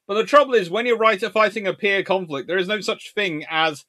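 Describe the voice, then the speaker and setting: Animated man lecturing on a live stream. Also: sits high. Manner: animated, quick asides and laughs. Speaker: naval historian host. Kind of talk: live-stream lecture reading chat questions.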